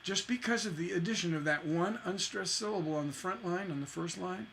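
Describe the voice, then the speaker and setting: A man's voice: sits high, brisk, creaky, fairly bright tone, slight background noise. A man teaching a songwriting lesson in a chatty way, scatting rhythms with "da da da" to show the stresses.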